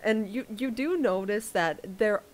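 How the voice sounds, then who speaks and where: A woman running a tabletop game as game master, talking in a halting way with many fillers and frequent laughter. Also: mid-range voice.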